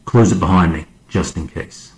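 A man's voice: deep voice, moderate pace, vocal fry, poor audio. A man doing a curt, grim space captain. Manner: curt, clipped orders.

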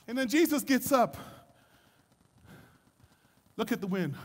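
A man preaching a sermon as pastor, building from calm teaching to shouted fervor and acting out the voices in the story. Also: high voice, normal speed, long pauses, husky, in a large hall. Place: church sanctuary.

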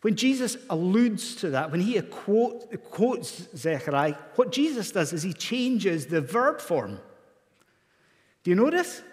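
A Scottish man preaching a sermon from the pulpit, asking the congregation questions and building to emphatic peaks. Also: sits high. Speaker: pastor. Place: church sanctuary. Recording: long church reverb.

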